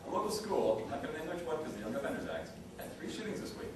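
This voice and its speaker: A man's voice: on the high side, huge pitch swings, very fast, background noise. A man with a Canadian accent improvising as a mock-serious field reporter on a news show. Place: theatre stage with live audience. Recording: echoey stage recorded from far off.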